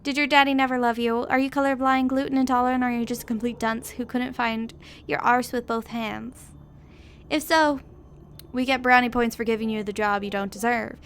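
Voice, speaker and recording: Girl putting on a snotty receptionist lady, sneery and condescending, kinda high. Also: little pitch movement, brisk, slight background noise, natural voice. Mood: snide. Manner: sarcastic, condescending. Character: smug snide woman receptionist, mocking.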